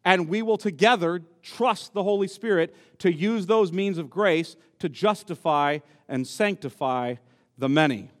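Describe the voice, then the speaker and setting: High-voiced emphatic pastor preaching. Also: male voice, unhurried. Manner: emphatic, repeats key words for stress. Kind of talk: sermon. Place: church sanctuary. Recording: long reverb of a church hall.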